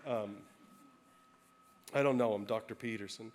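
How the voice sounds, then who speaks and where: A man's voice: mid-range voice, a little fast. A male pastor preaching a sermon, telling a personal story in a candid, self-deprecating way.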